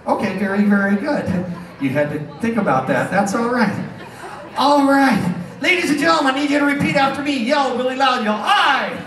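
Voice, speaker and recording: High-voiced guy hollering at a crowd, echoey casino showroom, mic far off. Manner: brash, teasing, loud crowd banter. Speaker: stage hypnotist. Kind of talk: live stage comedy show. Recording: roomy hall recorded from afar, audience. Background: audience laughing.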